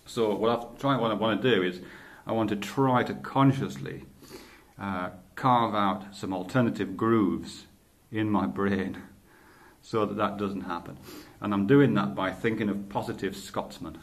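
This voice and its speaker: A man's voice: lowish voice, a little slow. A man talking in a loose, casual monologue, often stopping to correct himself and swearing casually. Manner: rambling, stops to correct himself. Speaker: podcaster.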